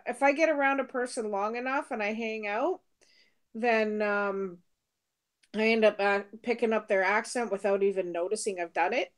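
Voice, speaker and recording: A middle-aged British-born woman without the accent, co-hosting a casual live stream, chatting and laughing as she answers viewer comments. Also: mid-range voice. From Britain. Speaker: co-host reading viewer comments.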